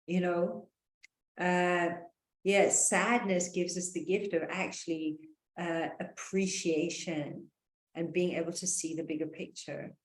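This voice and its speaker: In an echoey room, a woman rambles through casual conversation, her speech full of "you know" and "like." When she acts out quoted voices, she raises her pitch.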